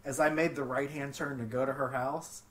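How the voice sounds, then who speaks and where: A man from the Pittsburgh area, casually telling a long story on a podcast, animated and swearing freely. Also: mid-range voice, normal speed, recorded from a distance. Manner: animated, swears freely, acts out quotes in raised voices.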